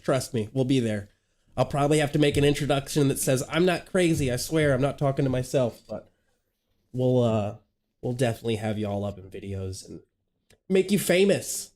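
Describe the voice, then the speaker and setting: A man's voice: medium pitch, a little mellow. A young man streaming sim racing late at night, chatting casually and laughing, with stumbling restarts. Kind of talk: casual live-stream chat. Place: home gaming setup, late night.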